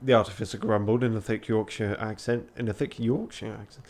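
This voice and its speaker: A man's voice: fairly low pitch, steady tone, a little fast, hardly any pauses, a little mellow. Tired male streamer, reads a text game aloud with self-mocking asides and swearing. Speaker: charity streamer.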